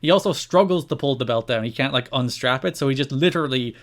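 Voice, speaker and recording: A man's voice: mid-range voice, fast talker. A man co-hosting a podcast, recapping at length in an enthusiastic, casual way. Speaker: podcast co-host. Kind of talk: casual chat.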